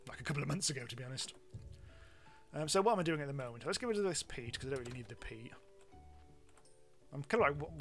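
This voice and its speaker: A man's voice: mid-range voice, fairly bright tone. A British man streaming a game live, chatting casually and rambling with self-mocking asides and frequent ums. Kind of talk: live gameplay commentary.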